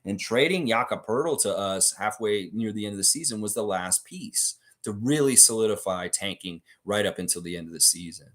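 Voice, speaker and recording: A blunt man hosts a live sports stream and rants about his team. His pitch swings widely as he reads out viewer comments and fires back strong opinions through a desk mic. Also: expressive, normal speed, few pauses, a bit bright. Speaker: host of a fan channel live stream.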